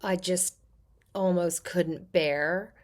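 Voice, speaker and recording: A woman's voice: on the low side, extremely slow. A middle-aged woman who works as an actor and therapist, talking casually as a podcast guest and acting out voices in her stories. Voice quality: character-actor voice. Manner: animated, acts out quoted voices in her stories. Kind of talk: casual interview talk.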